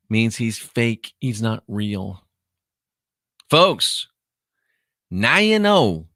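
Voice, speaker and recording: With a forceful, bright tone on the low side, an ex-minister running a livestream reads out chat comments in a sarcastic drawl. The studio-quality recording carries no room sound.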